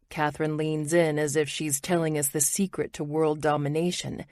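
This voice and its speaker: A woman's voice: low-pitched, little pitch movement, moderate pace, few pauses, a little mellow, no echo, studio quality. A woman narrating a romance audiobook in the first person, wry and intimate.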